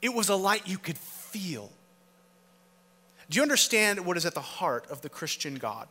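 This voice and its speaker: A man preaching a sermon as pastor, with emphatic rhetorical questions, rising loud and then dropping to a hush. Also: high-pitched, big pitch swings, normal speed, slightly rough. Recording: long reverb of a large hall.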